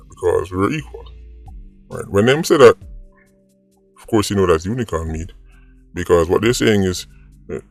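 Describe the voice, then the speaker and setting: Jamaican man, low voice, opinion vlog host, rhetorical, faint music behind. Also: no room sound. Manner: argumentative, rhetorical "right?" asides. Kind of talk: opinion commentary.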